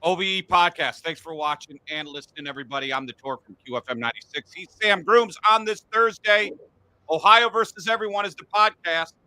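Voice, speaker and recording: A man's voice: sits high, brisk, bright, forceful tone, no room sound. A middle-aged man hosting a casual sports podcast from a home studio, blunt and profane when he rants. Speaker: podcast host.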